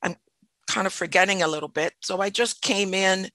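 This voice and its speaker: A middle-aged woman from French Canada tells a story from her acting career on a podcast. Her voice is bright and forward, and the recording is close and dry with no room around it. She talks thoughtfully and often circles back to restart a sentence. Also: mid-range voice, moderate pace, no room sound. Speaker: actor, podcast guest. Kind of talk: casual interview storytelling.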